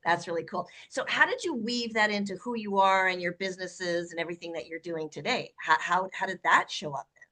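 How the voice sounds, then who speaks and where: A woman's voice: fairly low pitch, brisk, sharp tone. A woman hosting a casual interview chat, bubbly and enthusiastic, often using "like" and "right?". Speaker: host.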